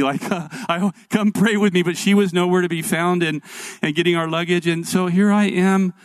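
A middle-aged male pastor preaching a sermon, telling stories in an animated, earnest way. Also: a little high, no echo.

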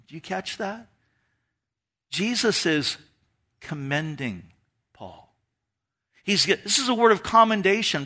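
A male pastor delivers a sermon that rises and falls a great deal. His voice sits high and sounds bright and forceful. He talks conversationally and keeps turning to the congregation with asides. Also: very animated, takes it slowly. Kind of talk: expository sermon.

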